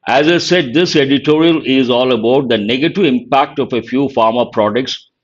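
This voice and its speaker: A man with an Indian English accent teaching vocabulary, explaining word meanings in a deliberate way and repeating key words. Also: mid-range voice, lo-fi sound. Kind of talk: vocabulary lesson.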